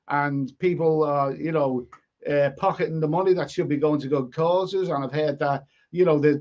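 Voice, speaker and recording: Blunt, stammering English man live-streaming. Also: on the high side. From England. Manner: blunt, opinionated, repeats and restarts words. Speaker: live stream host reading chat. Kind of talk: casual live chat stream. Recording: dull lo-fi stream audio.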